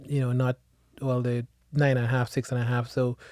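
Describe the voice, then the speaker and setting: A man's voice: medium pitch, little pitch movement, moderate pace, a little mellow, no echo, studio quality. A man hosting an interview podcast, listening attentively and reflecting thoughtfully in a conversational way. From immigrant of African descent. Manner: attentive, frequent affirmations, thoughtful. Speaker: podcast host.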